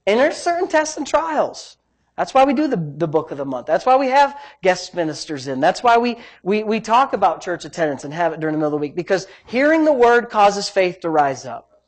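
A man's voice: high-pitched, big pitch swings, a little fast. Man preaching emphatically, sprinkling in praise. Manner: emphatic, repetitive, frequent "praise God" interjections. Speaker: pastor. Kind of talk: sermon.

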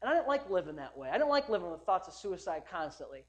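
A male pastor preaching a sermon at a church service, emphatic and repetitive, building up to loud declarations. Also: high voice, big pitch swings, quick pace, lo-fi sound.

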